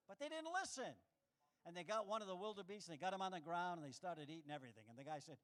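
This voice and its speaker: Animated high-voiced male stand-up comic. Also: quick pace. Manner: animated, acts out quoted voices with big pitch jumps. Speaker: stand-up comedian. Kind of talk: stand-up comedy set.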